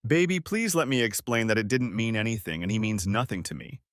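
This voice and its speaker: A man's voice: fairly low pitch, expressive, brisk, no room sound, clean studio sound, lightly acted. A man voicing a desperate, unfaithful wife who pleads tearfully with her husband in a storybook reading. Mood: begging.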